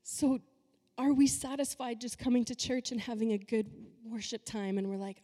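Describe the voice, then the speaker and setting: A woman's voice: a little high, moderate pace, mellow, big-room sound. A woman pastor giving a conversational, emphatic sermon full of rhetorical questions.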